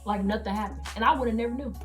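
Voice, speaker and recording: A young woman in her late teens telling a story-time vlog, animated and emphatic, acting out the quoted messages as she goes. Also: a little high, fast talker, faint music behind. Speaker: vlogger.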